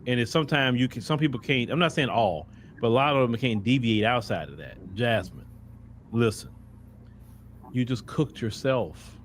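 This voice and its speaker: A man's voice: medium pitch, lively intonation, moderate pace, a little hiss or hum. A man hosting a web commentary show, blunt and mocking, speaking straight to the person he criticizes. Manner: blunt, mocking, addresses the subject directly. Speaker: host.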